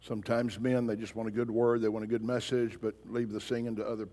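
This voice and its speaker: A man's voice: lowish voice, flat delivery, quick pace, hardly any pauses, mellow. A man preaching a sermon as pastor, emphatic and pressing his congregation with pointed questions. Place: church sanctuary. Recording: long reverb of a large hall.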